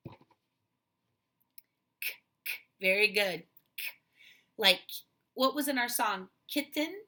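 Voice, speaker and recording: A woman's voice: high voice, bright, forceful tone. A woman teacher giving an online lesson to young children, cheerful and coaxing with many questions, speaking into a laptop mic.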